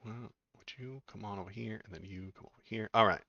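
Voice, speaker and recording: Deep-voiced man hosting a chatty stream. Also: fast, vocal fry, sharp tone, no echo, lo-fi sound. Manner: chatty, reads news aloud and reacts to chat. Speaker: political streamer host. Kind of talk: casual live-stream commentary.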